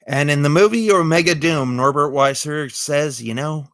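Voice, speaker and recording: A man chatting casually on a vlog about magic tricks, rambling and halting with many fillers and corny jokes. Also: on the high side, a bit bright, dry recording, clean studio sound. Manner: corny jokey delivery. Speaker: vlogger showing magic tricks.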